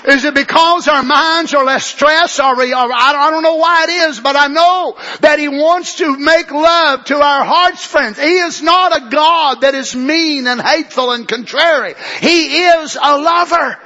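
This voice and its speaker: High, bright-voiced fervent older preacher. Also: male voice. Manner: fervent, emphatic, drawn-out exclamations. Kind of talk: sermon. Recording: dull lo-fi recording.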